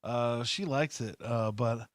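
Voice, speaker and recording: Slow-talking laid-back male podcast host. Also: medium pitch, no room sound, studio quality. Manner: laid-back, hesitant, lots of fillers. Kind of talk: casual chat.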